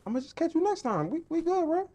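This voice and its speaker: Dude doing a chill homebody guy brushing off his boy, mellow voice that swings up and down. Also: very high voice, very animated, quick pace. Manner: dismissive, easygoing. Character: laid-back young homebody man turning down a party. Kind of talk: music video skit dialogue.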